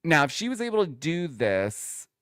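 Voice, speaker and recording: A man hosts a casual reality TV recap, talking straight to his viewers in a chatty, opinionated way. His pitch swoops around a lot as he talks. The voice is smooth and clear, recorded dry and close. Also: sing-song, normal speed, a bit bright, no room sound. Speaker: host.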